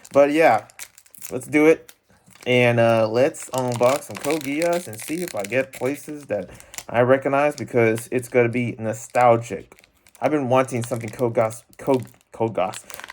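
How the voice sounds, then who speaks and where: Young male vlogger, rambling and self-conscious, talking to camera from his room. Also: medium pitch. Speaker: unboxing vlogger. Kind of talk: casual rambling chat.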